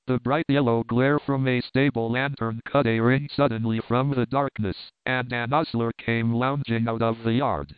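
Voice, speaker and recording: A man narrating a period novel as an audiobook reader in a measured, even way. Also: medium pitch, clean tone, dry recording. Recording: dry, narrow phone-like sound.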